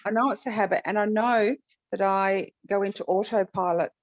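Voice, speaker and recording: A woman's voice: mid-range voice, steady tone, moderate pace. Woman, workshop participant, candid and reflective, muffled call audio. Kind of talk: casual chat on a video call. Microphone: video call.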